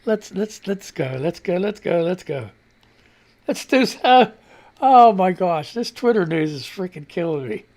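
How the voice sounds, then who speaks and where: A man's voice: high voice, lively intonation, a little slow, a little mellow. A man from Missouri hosting a live radio show in a casual, rambling way, reading social media posts, laughing often and swearing freely.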